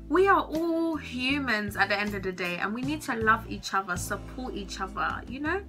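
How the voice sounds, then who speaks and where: A young woman chatting to camera from her bedroom, gushing and giggly with casual slang, a little nervous. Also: medium pitch. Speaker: vlogger.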